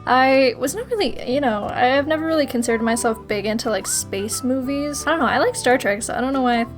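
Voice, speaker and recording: A woman's voice: high-pitched, quick pace, faint music behind. A young woman from Massachusetts answering viewer questions in a giggly, playful, self-mocking vlog. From Massachusetts, USA. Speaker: YouTuber. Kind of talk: casual Q&A vlog.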